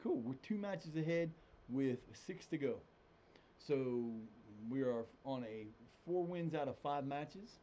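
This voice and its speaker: A man chatting on a live stream as he plays a football management game, rambling and animated, and now and then jumping into a high mock voice. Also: takes it slowly, dull audio, slight background noise. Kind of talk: casual live-stream chat. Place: home room with cats.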